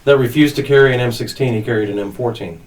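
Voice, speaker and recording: A man hosting a casual podcast chat, with dry, deadpan humor. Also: mid-range voice, fast. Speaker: podcast host. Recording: distant mic with faint noise.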